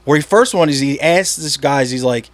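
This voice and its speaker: A man from the Philadelphia area with a Philly accent, chatting casually as a podcast host, animated and swearing freely. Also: fairly high pitch, normal speed, no room sound. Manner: animated, swearing, acts out quoted bits. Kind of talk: casual chat.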